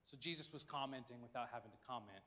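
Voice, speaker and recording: A man preaching a sermon in a dramatic style, acting out crowd voices and swinging between loud and hushed. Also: medium pitch, fast talker, long reverb tail. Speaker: pastor. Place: large church hall.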